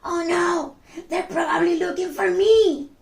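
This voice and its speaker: A woman's voice: extremely high pitch, steady tone, unhurried, creaky, darkish tone, echoey room, far from the mic, voice pushed up, full character voice. A woman doing a timid little girl eel. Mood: sweet. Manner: stammering, apologetic. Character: young girl baby electric eel, timid and sweet.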